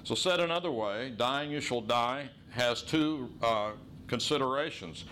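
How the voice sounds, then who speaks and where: A middle-aged man preaching a sermon in an earnest teaching voice, set at an ordinary pitch for a man. He slows down and leans on the key phrases he wants remembered. A faint hum of ambience sits behind him. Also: fairly bright tone. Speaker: pastor.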